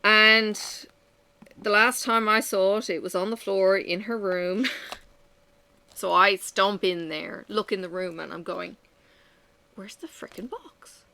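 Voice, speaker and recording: Female vlogger, bright voice, unfiltered venting chat at home. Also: mid-range voice, fairly even intonation, unhurried, creaky. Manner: candid, venting, sighing. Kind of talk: casual chat while crafting.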